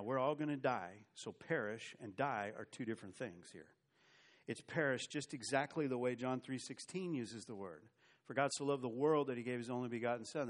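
A middle-aged man preaching a sermon with animated swings between loud and soft, with humorous asides. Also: medium pitch. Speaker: pastor.

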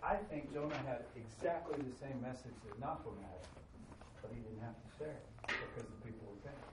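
A man preaching a sermon in a conversational, animated way, acting out quotes in voices. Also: mid-range voice, a little fast, recorded from a distance, background noise. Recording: roomy sound from away from the mic.

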